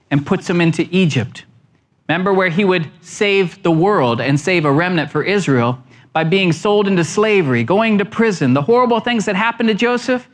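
Male pastor, lively sermon delivery, big pitch swings, emphatic rhetorical questions.

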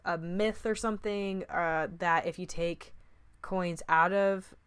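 A woman's voice: on the low side, steady tone, slow, a bit bright, smooth. A woman in casual chat about a movie, chatty and loose, with lots of fillers and restarts.

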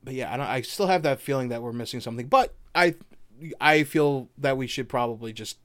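Young guy on a podcast, smooth clear voice, kinda rambly, keeps restarting. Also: mid-range voice, fairly quick, a bit bright, dry recording. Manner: rambling, lots of restarts and fillers, laughs often. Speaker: podcast co-host. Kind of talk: casual chat.

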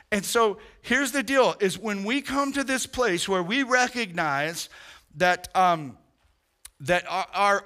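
A man's voice: high-pitched, bright, forceful tone. A male pastor preaching a sermon in an emphatic, direct way, talking to his congregation.

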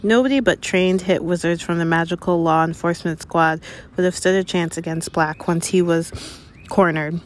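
A woman's voice: on the low side, fairly even intonation, moderate pace, a little hiss or hum, close to an everyday voice. A woman voicing a pompous, anxious middle-aged male government minister in an audiobook, grave and official in manner. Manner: grave, official, speaks bitterly and sharply.

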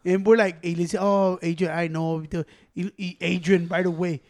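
Profane, excitable co-host; high-pitched man mixing English and Spanish slang. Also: moderate pace. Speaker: podcast co-host. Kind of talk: casual chat.

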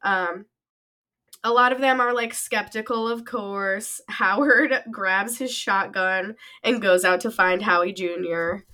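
A woman summarizes a film's plot for a podcast in a relaxed, chatty way, pausing often on fillers. Her voice sounds bright and forward. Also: medium pitch. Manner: chatty, filler-heavy recap. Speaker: podcast co-host. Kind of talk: casual movie recap chat.

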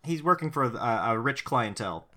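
A man with a bright, forward voice trades casual banter as a podcast co-host. He is wry and sardonic, and he swears freely as he picks apart a show's plot. He speaks at a middle pitch with an easy, offhand manner. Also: animated, fast. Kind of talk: casual episode recap chat.

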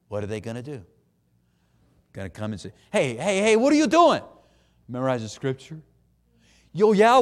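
Animated man preaching a sermon. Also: medium pitch. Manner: animated, acts out quoted voices, has the congregation repeat phrases.

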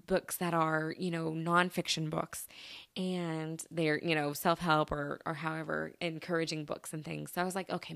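A woman hosts her own podcast alone, chatting casually and rambling from one thought to the next. She laughs easily and keeps calling her listeners "y'all." Her voice sits a bit low, recorded close and dry with no room sound. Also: gravelly, no echo. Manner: addresses listeners as "you guys" and "y'all". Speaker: podcast host. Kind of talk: casual solo podcast chat.

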